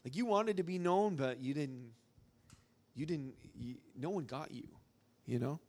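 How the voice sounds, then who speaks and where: A young man from Arkansas rambles through a filler-packed story while speaking informally to a live audience at a church gathering. His voice is on the high side with a darkish tone, and his pace is measured.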